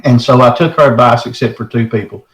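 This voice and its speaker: A man's voice: medium pitch, fairly even intonation, fast talker. Earnest middle-aged man, echoey sound. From Texarkana area, southern United States. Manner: earnest, folksy, keeps saying "man". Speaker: caller telling his encounter. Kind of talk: recounting a personal story.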